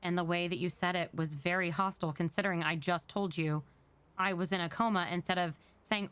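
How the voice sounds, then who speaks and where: Low, smooth-voiced woman in role-play. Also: steady tone, a little fast, fairly bright tone, dry recording. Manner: earnest, explains at length. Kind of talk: in-character role-play conversation.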